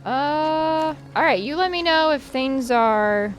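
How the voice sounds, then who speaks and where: A woman's voice: high-pitched, lively intonation, takes it slowly, faint music behind. A young adult woman streamer giving casual, chatty gameplay commentary, swearing freely and talking to her chat.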